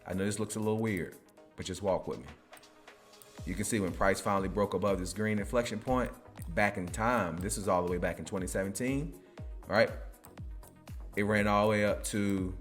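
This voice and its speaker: A man giving casual crypto chart commentary, chatty and loose, tagging nearly every line with a quick "right?". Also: low voice. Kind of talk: casual screen-share market commentary.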